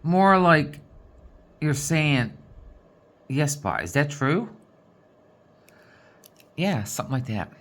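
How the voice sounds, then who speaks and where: A woman's voice: deep voice, very animated, slow, long pauses. Chatty Newfoundland woman rambling over crafts. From Newfoundland, Canada. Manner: chatty and folksy, tags sentences with "boy". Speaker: diamond painting vlogger. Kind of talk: casual rambling chat while sorting craft supplies.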